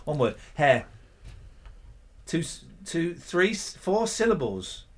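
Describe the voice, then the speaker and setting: Lively, teasing man. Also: on the high side. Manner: sarcastic, teasing, quick-firing guesses. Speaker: studio host running charades. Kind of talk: casual banter during a guessing game. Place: studio room.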